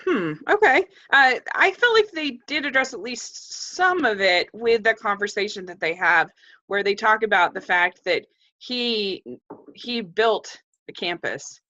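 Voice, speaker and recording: A woman co-hosting a casual film discussion, speaking in a measured, hesitant way as she gently disagrees. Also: mid-range voice, animated. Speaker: film podcast co-host. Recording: dull lo-fi sound.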